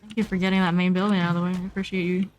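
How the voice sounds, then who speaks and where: A woman streamer giving casual, chatty commentary while playing a game, talking to herself with playful asides and sudden excited squeals. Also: fairly low pitch, rapid-fire, slight background noise.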